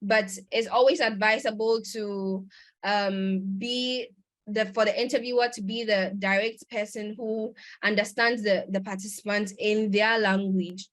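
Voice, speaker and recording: A woman's voice: mid-range voice, steady tone, fairly bright tone. Woman presenting a talk over a video call. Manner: explanatory, with many pauses and self-corrections. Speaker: conference presenter. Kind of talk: lecture on research methods.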